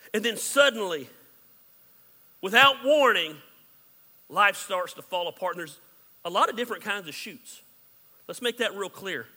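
Pastor, male, high sharp voice; candid and jokey, loud then hushed, hall reverb. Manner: candid, joking, swings between loud and hushed. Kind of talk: sermon.

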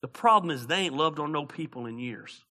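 A middle-aged man preaching a sermon as pastor, swinging from loud preaching to quiet storytelling, with folksy slang. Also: fairly high pitch, animated, fairly quick.

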